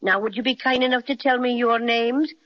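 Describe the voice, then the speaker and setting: A woman's voice: fairly high pitch, steady tone, fairly quick, close to an everyday voice. A woman voicing a tiny, playful, mock-ferocious male teddy bear with an Irish accent in a 1930s radio drama, speaking in jaunty rhymes and polite old-fashioned phrases. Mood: cheerful. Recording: dull old radio transcription.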